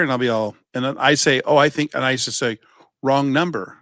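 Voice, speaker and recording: A man's voice: mid-range voice, brisk, a bit bright, dry recording. A man co-hosting a podcast, telling stories in a rambling, playful way and restarting his sentences often. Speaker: podcast co-host. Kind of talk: casual chat.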